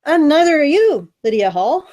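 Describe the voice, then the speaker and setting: A woman's voice: high-pitched, very animated, normal speed, warm tone. A woman co-hosting a podcast in casual chat, blunt, sarcastic and profane. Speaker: podcast co-host.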